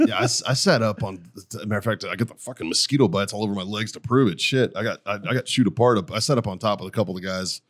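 A man's voice: lowish voice, fast, few pauses. A man co-hosting a podcast, telling a story in casual chat, swearing freely and breaking into laughs. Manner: profane, laughing, animated storytelling. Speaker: podcast co-host.

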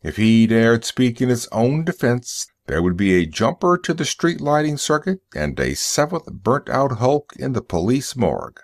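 A man reading a story aloud for English learners, in a measured storytelling manner. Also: medium pitch, sing-song, no room sound, studio quality. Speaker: narrator.

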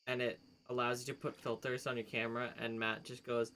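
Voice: mid-range voice, little pitch movement, fairly quick, a bit bright, slight background noise. Laid-back streamer telling rambling stories. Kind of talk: casual group chat while gaming.

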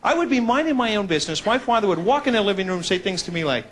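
A man performing stand-up with a high, very lively voice that swoops up and down as he acts out characters. He mocks himself as he goes, and the audience laughs along in the background. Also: very fast. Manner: animated, self-mocking, acts out characters. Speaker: stand-up comedian. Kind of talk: stand-up comedy routine.

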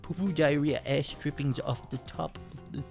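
A man playing through a game on a podcast, with a voice a little higher than most men's. He is loud, crude and excitable, often yelling at the screen, with faint music in the background. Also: normal speed. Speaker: podcast co-host and player. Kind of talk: casual let's-play chat.

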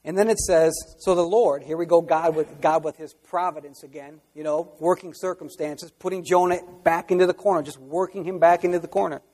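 A high-pitched man delivers a sermon from the pulpit. He moves between hushed asides and loud, fervent outbursts, and a long reverb trails his words through a large hall. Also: steady tone, a little fast, hardly any pauses. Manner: preaching with sudden loud outbursts. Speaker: pastor.

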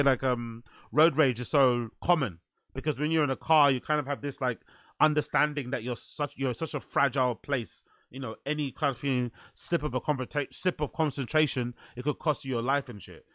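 A man's voice: mid-range voice, brisk, fairly bright tone, dry recording, studio quality. A man giving casual reaction commentary in a blunt, incredulous way, swearing freely.

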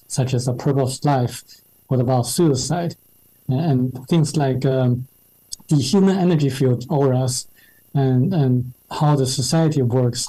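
A man whose first language is Chinese answers a host's questions as an interview guest. His voice is mellow and dark, and he speaks hesitantly, with frequent fillers and false starts. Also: mid-range voice, rough recording. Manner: hesitant, many fillers and restarts. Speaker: guest, translator.

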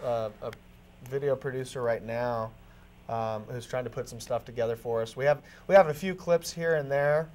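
A young man from Missouri, a band member chatting casually with callers, easygoing and quick to laugh. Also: mid-range voice, darkish tone, a little hiss or hum. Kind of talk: casual call-in chat.

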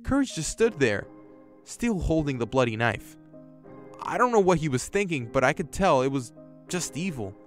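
A man's voice: a little high, very animated, moderate pace, soft background music. A man casually reads a horror story aloud and adds his own reactions, sometimes swearing. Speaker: YouTube storyteller. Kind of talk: reading a horror story with commentary.

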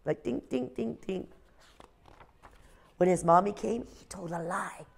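Sing-song teacher woman, a little gravelly. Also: mid-range voice. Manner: slow, sing-song, clear for small children. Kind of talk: phonics lesson and read-aloud.

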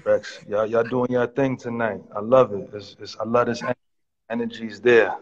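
A man on a live stream speaking in slow, low, ominous repeated lines. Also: fairly even intonation, highs cut off. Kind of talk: casual live-stream chat.

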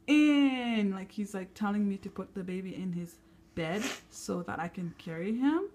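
A woman's voice: medium pitch, moderate pace, dark tone. A young woman, a mother, talking casually to camera at home and soothing her toddler. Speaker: mother vlogging her kids. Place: home, indoors. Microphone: handheld camera.

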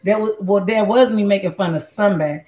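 Warm-toned and quick, a woman's mid-range voice carries a casual live cooking chat in which she playfully talks straight to her viewers as the show's host. It was recorded in an echoey room with a dull, lo-fi sound.

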